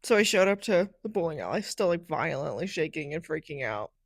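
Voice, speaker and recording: A young woman hosting a podcast, telling a personal story in a chatty, animated way, often saying "like", on a close microphone. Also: deep voice, a little fast, dry recording. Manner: animated, chatty, heavy use of "like". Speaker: podcast host.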